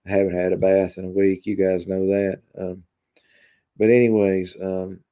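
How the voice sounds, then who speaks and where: A man hosting a live stream, chatting casually with viewers in a deadpan, rambling way full of fillers. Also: deep voice, moderate pace. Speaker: live-stream host reading chat.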